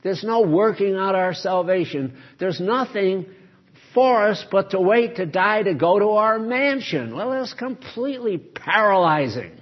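A man's voice: high-pitched, animated, measured pace, highs cut off. A man teaching a Bible study sermon, earnest and explaining, leaning hard on key words.

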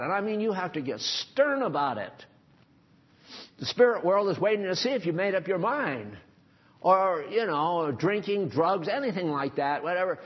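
A man's voice: high voice, lively intonation, normal speed, slightly rough. A man preaching a sermon to a congregation, exhorting listeners in an emphatic, stern manner with casual asides. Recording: dull lo-fi recording.

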